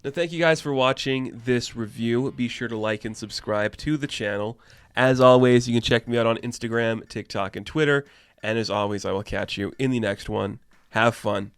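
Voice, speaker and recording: A man's voice: medium pitch, moderate pace, clear, resonant tone, dry recording. A young man casually reviewing a comic book issue in an enthusiastic, chatty way, full of rhetorical asides.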